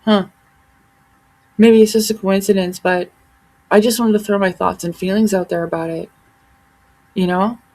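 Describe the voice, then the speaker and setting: A woman vlogging in a loose, rambling rant, swearing freely as she goes. Her mid-pitched voice has a gravelly, fry-heavy edge. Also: steady tone, moderate pace, long pauses, dark tone, rough recording. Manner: profane, heated and rambling. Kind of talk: casual ranting monologue.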